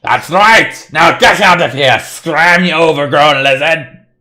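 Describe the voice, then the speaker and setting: A man voicing a brave, one-armed male dwarf miner who blusters gruffly. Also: sits low, extremely slow, a bit bright, exaggerated voice. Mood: bellowing.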